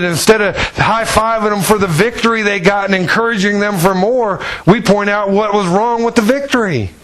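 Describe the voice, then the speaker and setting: Folksy man preaching with a raised pitch. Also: fairly bright tone. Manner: folksy storytelling with acted quotes. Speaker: pastor. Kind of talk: sermon.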